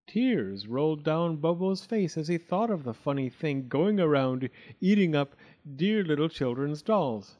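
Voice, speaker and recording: A man reading a children's storybook aloud in an expressive, animated way. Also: fairly high pitch, unhurried.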